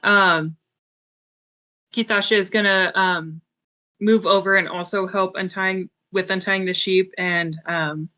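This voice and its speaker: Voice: mid-range voice, fairly even intonation, takes it slowly, bright, forceful tone. A player at a tabletop game, chatting casually with fillers. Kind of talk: casual chat.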